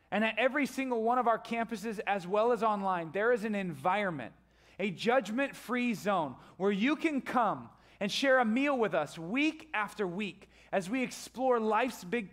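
A male pastor preaching a sermon, telling a story with animated voices and sudden loud, high outbursts. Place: church stage.

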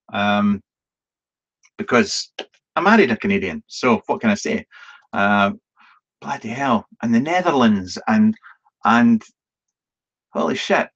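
On a dull, lo-fi live Q&A stream, a man with a lowish, sing-song, slightly bright voice with a breathy edge talks a little slowly and pauses often. He rambles chattily with ums, restarts, self-deprecation and the odd swear word.

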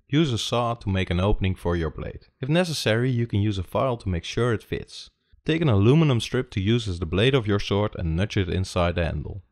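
A man with a Dutch accent giving steady step-by-step instructions in a scripted how-to narration. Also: fairly low pitch. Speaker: tutorial host.

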